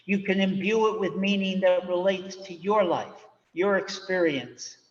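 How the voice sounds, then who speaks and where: A male minister giving a measured, reflective sermon from the pulpit. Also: sits high. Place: church sanctuary. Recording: dull recording with long church reverb.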